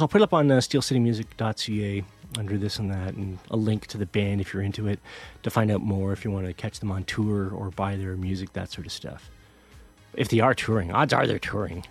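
A man's voice: on the low side, a little mellow. A middle-aged man hosting a music show, telling a story in a rambling, self-deprecating way with many restarts. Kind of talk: casual storytelling monologue.

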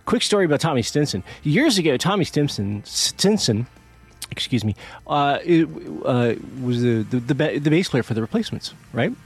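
A man's voice: a little high, expressive, moderate pace, husky. A middle-aged man hosting a music show, telling a story in a rambling, self-deprecating way with many restarts. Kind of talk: casual storytelling monologue.

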